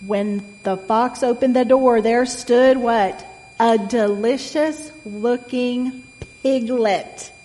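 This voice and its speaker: Slow, gentle woman reading a storybook. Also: fairly high pitch, fairly even intonation, big-room sound, low-quality recording. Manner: gentle, asks the listener questions. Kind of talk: reading a picture book aloud.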